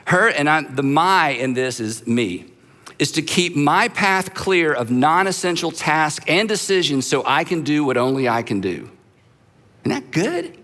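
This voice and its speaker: Speaking with a fairly high, bright, forceful and animated voice, a middle-aged pastor addresses a live church crowd in a conversational leadership talk. He plays out short exchanges and keeps restarting sentences, all echoing with the long reverb of a big auditorium.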